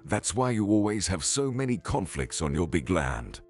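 A man voicing a calm, convincing woman from a commune who speaks smoothly and reassuringly. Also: low voice, normal speed, faint music behind, exaggerated voice.

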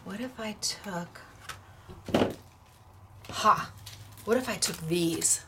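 A woman's voice: medium pitch, very slow, background noise. A woman hosting a crafting class, talking in a chatty, playful way while she demonstrates.

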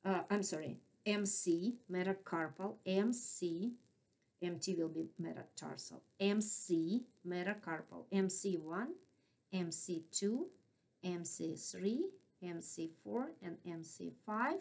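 Slow-paced accented anatomy instructor. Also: female voice, lowish voice, vocal fry, darkish tone. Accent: non-native English. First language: not English. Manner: patient, checks in with frequent "right?". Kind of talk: classroom lecture.

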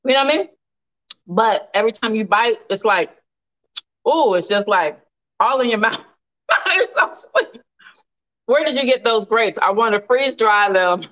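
A woman hosting a casual live cooking stream, animated and laughing often as she reads viewer comments aloud. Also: on the high side, measured pace, pauses often, lo-fi sound.

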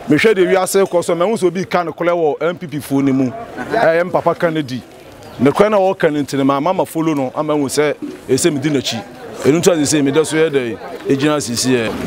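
Man, street interview, impassioned, a touch high, outdoor crowd chatter behind. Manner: impassioned, rising to excited pleas.

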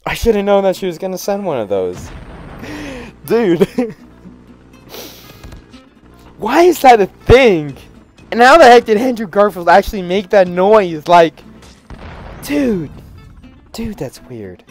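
A man giving excitable reaction commentary to memes, with loud outbursts and frequent laughter. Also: sits high, slow, pauses often, soft background music.

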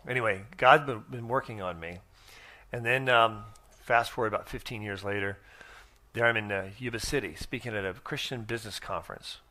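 A man's voice: mid-range voice, bright, forceful tone. A middle-aged man preaching in a church, telling stories in a folksy, rambling way with many restarts and fillers. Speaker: guest speaker. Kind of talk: sermon storytelling.

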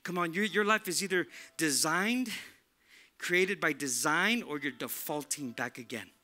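A man's voice: fairly high pitch, a little slow, sharp tone. A male pastor preaching a sermon in a casual, slangy, emphatic way, often repeating "look" to drive a point home. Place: church.

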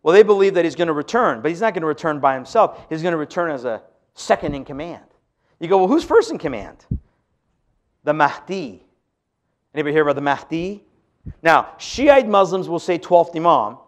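A man's voice: fairly high pitch, lively intonation, a little fast. A man giving an emphatic sermon-style lecture to an audience, asking rhetorical questions. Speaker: speaker on religion.

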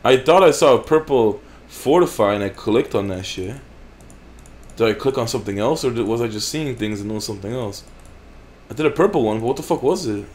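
A man's voice: medium pitch, animated, fairly quick, darkish tone. A man hosting a gaming channel, giving casual gameplay commentary in a blunt, heavily profane way. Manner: profane, blunt, frequent swearing.

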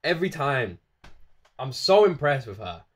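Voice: mid-range voice, very animated, normal speed, slightly rough. A reaction video host talking casually to camera, gushing over a singer, repeating phrases again and again and breaking into laughter.

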